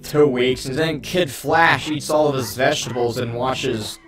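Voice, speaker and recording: A man's voice: mid-range voice, steady tone, unhurried, music in the background. A young man recapping a film as a rambling, crude comedic parody, slipping in silly voices. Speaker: guest reviewer.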